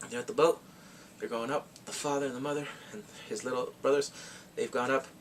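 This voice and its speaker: Man, movie reviewer, casual rambling plot recap, mid-pitched voice, a bit off-mic. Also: steady tone, brisk, a little hiss or hum. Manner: chatty, rambling, with filler restarts. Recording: voice slightly distant from the mic.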